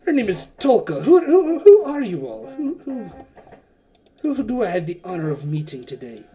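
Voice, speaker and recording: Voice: medium pitch, very animated, moderate pace, voice pushed up, close to an everyday voice. A game master voicing an outspoken, effusive male merchant prince in a tabletop game. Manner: loud, grand welcoming speeches. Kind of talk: tabletop game role-play.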